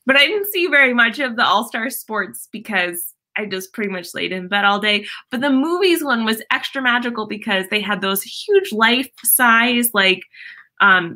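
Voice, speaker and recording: A woman's voice: mid-range voice, pushed and bright. A young woman hosting a casual live stream from home, chatting and reading viewer comments aloud with lots of fillers and laughs.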